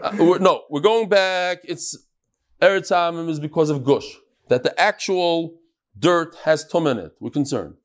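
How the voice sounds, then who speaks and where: A man teaching a live Talmud class, lively and chatty, teasing his audience. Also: on the high side, measured pace.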